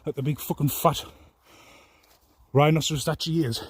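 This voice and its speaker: Husky man on a profane angry rant. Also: a little high, fairly even intonation, moderate pace. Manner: profane, aggrieved, rambling. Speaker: vlogger.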